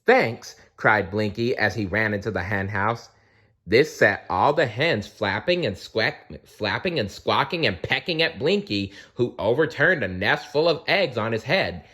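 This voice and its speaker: Slow, expressive man reading a storybook. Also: on the low side. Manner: expressive, with small slips and restarts. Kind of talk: reading a children's storybook aloud.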